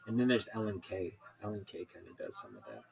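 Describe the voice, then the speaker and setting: A man's voice: sits low, big pitch swings, fast, creaky, crowd noise, low-quality recording. A man telling offhand stories in a casual, rambling way, now and then swearing.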